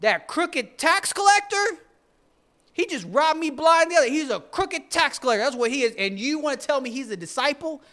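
An indignant townsman from biblical times, put on by a preacher, loud and high with outrage. He scoffs and sputters in disbelief. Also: expressive, moderate pace, full character voice.

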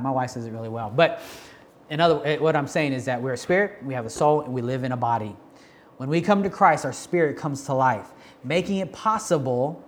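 A man's voice: a little high, a little hiss or hum. Casual man teaching a sermon. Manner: conversational, many restarts and fillers, slangy asides. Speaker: church teacher on prophecy.

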